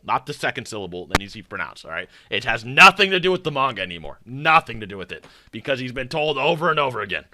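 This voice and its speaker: A man reacting to a video in casual commentary, teasing and loud, jumping between shouts and mutters. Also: medium pitch, expressive, fairly quick. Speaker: reaction streamer.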